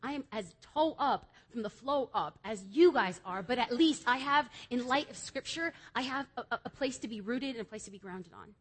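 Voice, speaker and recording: A woman giving an energetic youth sermon in a church service, emphatic and swinging between loud exhortation and quiet confession. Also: on the high side, normal speed, few pauses. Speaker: youth speaker.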